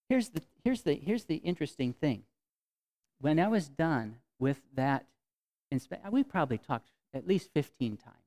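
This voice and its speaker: A man preaching a conversational sermon to his congregation, telling stories with frequent restarts and swinging from soft to emphatic. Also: fairly high pitch. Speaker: pastor. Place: congregation meeting in a temporary venue.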